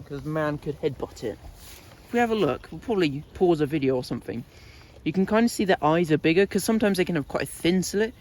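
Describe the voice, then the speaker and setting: A man's voice: fairly high pitch, darkish tone, a little hiss or hum. Chatty man talking outdoors. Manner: chatty, laughs often, scolds his goats. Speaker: vlogger. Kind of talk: casual vlog talk. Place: outdoors in a goat pen.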